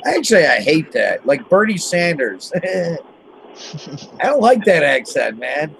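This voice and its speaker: A man's voice: on the high side, slow, vocal fry, a little hiss or hum, low-quality recording. A man from Western New York, chatting casually and laughing often. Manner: laughing, animated. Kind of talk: casual group chat.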